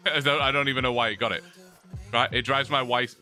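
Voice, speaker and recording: A man's voice: mid-range voice, expressive, normal speed, pauses often, pushed and bright, faint music behind. A young man chatting casually on a long livestream, rambling, reading chat and laughing often, his mouth sore from talking.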